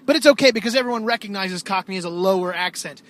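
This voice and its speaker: A man's voice: high voice, fast talker. A man co-hosting a podcast, chatting casually and rambling with self-mocking humor. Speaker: podcast co-host. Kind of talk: casual chat.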